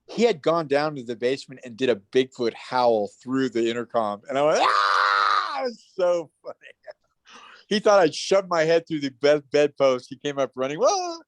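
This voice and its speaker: Guy telling stories on an interview call, lively, does the voices, dry sound. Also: medium pitch, moderate pace, no echo. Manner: animated storyteller, acts out quoted voices. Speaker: guest, actor. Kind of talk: casual storytelling interview.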